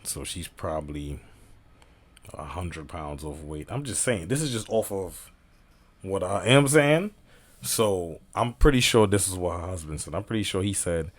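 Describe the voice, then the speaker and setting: A man's voice: low voice, animated, moderate pace. A man hosting a casual reaction video, talking in a slangy, rambling, offhand way.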